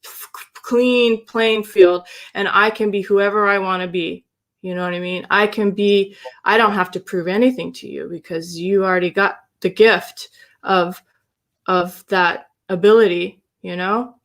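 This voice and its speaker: A woman's voice: medium pitch, steady tone, measured pace. Woman, spiritual reader on a livestream; affirming, meandering delivery. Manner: warm, affirming, meandering with restarts. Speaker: human design reader. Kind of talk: livestream reading, casual chat.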